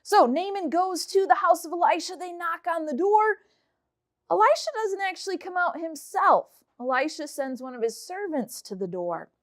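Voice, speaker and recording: A woman teaching a Bible story to children, reading scripture aloud and retelling it in lively, casual words. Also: very high voice, normal speed.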